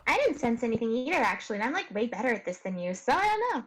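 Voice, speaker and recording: A woman's voice: on the high side, sing-song, racing. A woman reading the part of a smug, teasing young female sidekick from a game. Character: cocky young female magician assistant.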